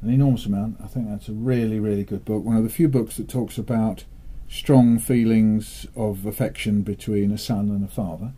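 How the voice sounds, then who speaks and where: An older man from England, talking in a relaxed interview with a dry, playful manner and telling jokes with lively delivery. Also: lowish voice, normal speed, few pauses, husky. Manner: dry, playful, animated when storytelling. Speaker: interviewee, children's author.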